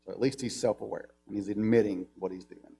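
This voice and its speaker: Low, mellow Southern man teaching Bible class. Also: fairly even intonation, fast, gravelly, a little hiss or hum. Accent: Southern American. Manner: conversational, reads scripture aloud with emphasis. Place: church classroom.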